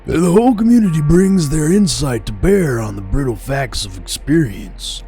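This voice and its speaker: A reflective riverboat storyteller, read out by a man narrating a video game. His warm, mellow voice swings widely in pitch as he muses. Soft music sits faintly underneath. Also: animated, moderate pace. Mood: musing. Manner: reflective storytelling, reading aloud. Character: male riverboat worker telling old river stories. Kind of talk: reading game narration aloud.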